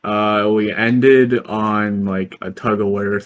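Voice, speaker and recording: Co-host, male, low and slow, hesitant storyteller. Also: fairly even intonation, rough recording. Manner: halting, many ums and uhs, chuckling. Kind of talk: casual storytelling.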